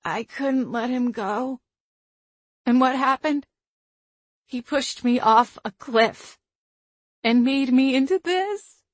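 A woman voicing a tearful, remorseful young female ghost in an audiobook, speaking in a trembling, halting way. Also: a little high, slightly rough, no echo, voice pushed up. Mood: anguished. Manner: trembling, halting, self-reproaching delivery. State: crying.

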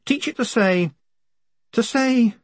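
A man voicing a blunt, sharp-tongued young woman with a dry, cutting way of talking. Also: extremely high pitch, slow pace, no echo, pitched above the performer's own voice, full character voice.

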